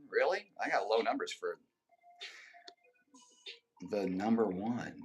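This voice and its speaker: A man's voice: fairly low pitch, animated, slow pace, long pauses, breathy edge. A man hosting a casual livestream, reading viewer comments aloud and answering with joking, profane banter. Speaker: live streamer.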